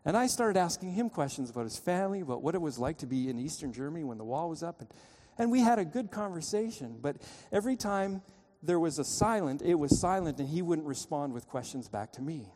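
Speaking fairly quickly and with few pauses, an animated pastor preaches in church using a fairly high, mellow voice. He moves between storytelling and urgent pleading, his loudness changing dramatically. Long reverb follows each phrase in the sanctuary.

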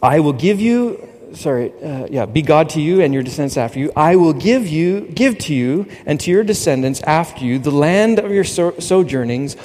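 A man preaching a sermon, animated and quoting scripture with emphasis. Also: fairly high pitch, moderate pace, few pauses, in a large hall. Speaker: pastor.

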